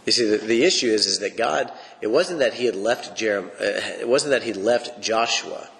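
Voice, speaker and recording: A man's voice: on the low side, moderate pace, vocal fry, a bit bright. A man teaching the Bible on a podcast, preaching in an emphatic, folksy way. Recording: long reverb.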